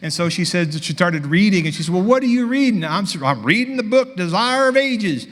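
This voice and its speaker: A man preaching a sermon, telling a story with lively dialogue and acting out both sides. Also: high voice, fairly quick, big-room sound. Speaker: pastor.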